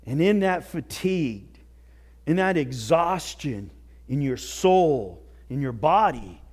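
A male pastor preaching a sermon with earnest exhortation, dropping to near whispers and rising to shouts. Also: on the high side, expressive, slow. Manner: swings from hushed to shouting.

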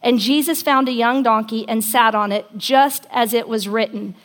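Brief: woman preacher with a fairly high voice, conversational storyteller, acts out the quotes in her sermon. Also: steady tone, normal speed, hardly any pauses, fairly bright tone.

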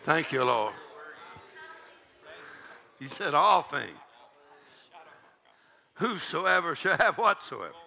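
A man preaching a charismatic sermon in a church, exuberant, shouting, whooping and leading the congregation in laughter. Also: a little high, sing-song, slow pace, gravelly, long pauses. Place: church sanctuary.

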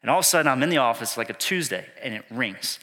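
A man's voice: mid-range voice, animated, quick pace, sharp tone. A male pastor telling a personal story in a sermon, chatty and self-deprecating, with lots of casual fillers. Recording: long reverb from a church hall.

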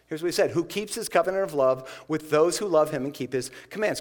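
A man with a fairly high voice preaches a sermon. He talks in a loose, conversational way and acts out the voices of the people in the passage. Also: animated, fast talker. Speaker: pastor.

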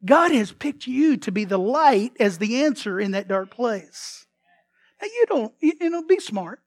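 A man preaching a sermon as pastor, telling the story in a lively way, acting out the figures' lines and often repeating words as he restarts. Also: very high-pitched, measured pace, no echo, clean studio sound. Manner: animated storytelling, acts out characters' lines.

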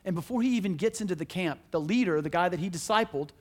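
A man preaching a sermon as pastor, telling a story in an animated, emphatic, conversational way in a church. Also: high-pitched, fast talker.

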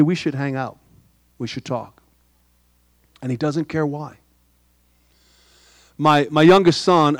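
Middle-aged male pastor, light higher voice, soft-spoken sermon storyteller, dry sound. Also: no echo. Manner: storytelling with humor and quoted dialogue.

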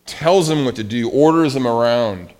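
A man preaching a sermon in a conversational, animated way, swinging between soft and loud. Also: medium pitch, moderate pace. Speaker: pastor.

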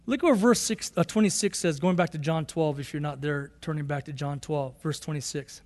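A man preaching a sermon as pastor, emphatic and repetitive, rising to excited bursts. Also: fairly high pitch, a little fast, long reverb tail.

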